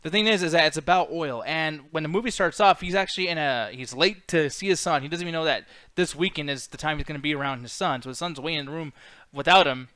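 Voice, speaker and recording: A man's voice: fairly high pitch, quick pace, bright, forceful tone, no echo. Blunt, foul-mouthed man, dry sound. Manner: opinionated, heavy swearing, argumentative. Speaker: podcast co-host. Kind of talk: casual movie review chat.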